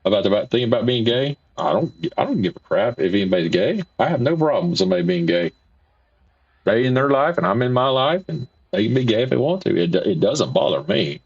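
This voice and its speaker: Male stream host, husky voice, dull lo-fi audio, rambling and repetitive. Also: mid-range voice, sing-song, brisk, darkish tone. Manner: rambling, folksy, repeats himself. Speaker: livestream host. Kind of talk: casual livestream chat reading viewer comments.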